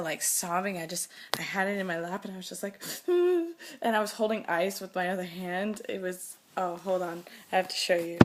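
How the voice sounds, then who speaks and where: A teenage girl at a middle pitch, chatting to camera as she tells a story from her school day. She talks animatedly, with frequent "like"s, quick restarts and small giggles, and swings from loud, excited bursts down to quiet, hushed asides. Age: teens. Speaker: vlogger.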